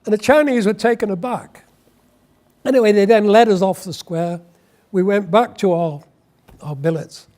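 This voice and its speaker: High-voiced elderly man reminiscing. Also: moderate pace, long pauses, darkish tone. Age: 80s. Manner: wry, anecdotal storytelling. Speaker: war veteran interviewee. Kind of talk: oral history interview.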